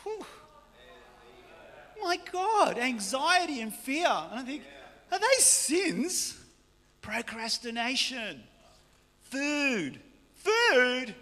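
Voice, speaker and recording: A high-pitched, bright-toned Australian man preaching in a large church hall. He jokes and often shouts as he preaches, and his voice rings out with a long reverb. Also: slow pace, pauses often. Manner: joking, animated, often shouting. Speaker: pastor. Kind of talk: lively preaching sermon.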